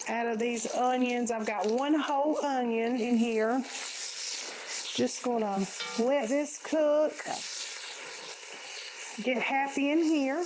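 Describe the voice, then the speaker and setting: A woman with a somewhat high voice chats her way through a recipe. Her talk is folksy and easygoing, and she calls her viewers y'all as she cooks. Faint background noise sits under her voice. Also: darkish tone, rough recording. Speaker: home cooking host. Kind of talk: casual cooking tutorial. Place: home kitchen.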